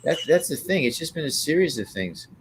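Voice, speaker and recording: An older man, a guest on an interview, rambles through show-business anecdotes and keeps checking in with a "right?" tacked onto his remarks. His voice sits on the high side, very animated and brisk, with a slight hiss or hum in the background.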